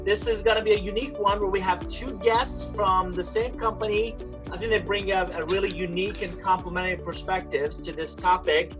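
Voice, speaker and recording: A man's voice: sits high, steady tone, brisk, music in the background. A man hosting an interview, welcoming guests in a chatty way. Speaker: host.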